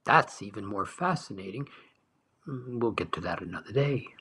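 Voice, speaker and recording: A man leading a guided meditation talk as a spiritual teacher, speaking softly and slowly, lingering on words and sometimes dropping to a whisper. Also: lowish voice, expressive, husky. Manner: soft, slow, dwelling on words, dropping to whispers.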